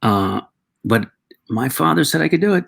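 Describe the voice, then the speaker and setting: Middle-aged male guest, reflective storyteller, husky and gravelly delivery. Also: medium pitch, animated, fairly bright tone. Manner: reflective, halting, with frequent restarts and acted quotes.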